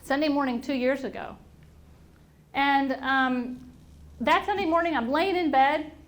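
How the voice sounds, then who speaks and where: A middle-aged woman speaking to an audience, telling a personal story in an animated way and acting out the voices of people she quotes. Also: sits high, unhurried. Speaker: invited speaker. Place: auditorium at a workplace event.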